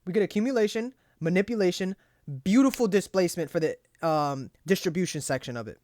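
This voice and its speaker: A man's voice: sits high, brisk, a little mellow, no room sound. Profane, frustrated young guy reviewing trades. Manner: profane, frustrated self-talk, pep-talks himself. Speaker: trading journal host. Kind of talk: casual screen-share trade review.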